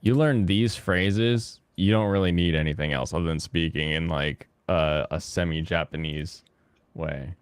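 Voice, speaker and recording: A man with a fairly low voice hosts a laid-back chat as he plays, drifting from thought to thought. He stops and restarts often and fills his gaps with "uh" and "like". The sound is dry and close. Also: clear, resonant tone, no echo. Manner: rambling, halting with many fillers. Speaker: host. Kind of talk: casual chat while gaming.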